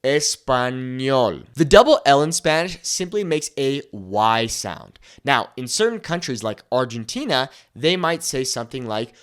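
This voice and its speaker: A young Spanish tutor gives a pronunciation lesson in a mid-range, slightly bright voice with big pitch swings. He tacks "okay?" onto almost every point and slows down to draw out the example words.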